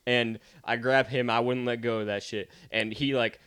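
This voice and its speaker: A man's voice: medium pitch, steady tone, normal speed, fairly bright tone, clear, resonant tone, no room sound. Young guy podcaster, rambly and sweary, acts out quotes, dry close sound, mid voice. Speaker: podcast co-host. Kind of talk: casual chat.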